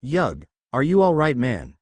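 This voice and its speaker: A man voicing a loud, rowdy young male duelist in a storybook reading. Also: mid-range voice, big pitch swings, moderate pace, no room sound. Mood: brash. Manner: rowdy, yelling.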